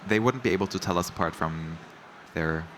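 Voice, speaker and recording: A man presenting a game at an event booth, chatting excitedly and often laughing as he plays. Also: low voice, brisk, slight background noise. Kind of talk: casual game commentary. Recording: game music playing behind. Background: game music.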